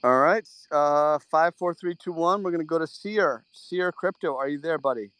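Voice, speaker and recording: Guy running a trading q&a, smooth clear voice, blunt, dry close mic. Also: a little high, a bit bright, dry recording. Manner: blunt, quick, drops bits of French. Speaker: host of a trading Q&A. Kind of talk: casual live audio chat.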